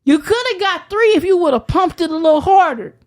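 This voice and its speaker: A young woman, a podcast guest, ranting in loud, brash, profane casual chat and laughing as she goes. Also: very high-pitched, lively intonation, fairly quick.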